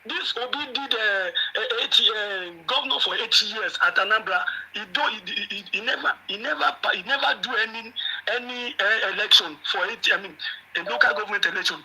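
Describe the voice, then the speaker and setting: High-pitched stammering Nigerian man. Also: sharp tone, husky, rough recording. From Ibadan, Nigeria. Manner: halting, stammers and repeats. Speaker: caller.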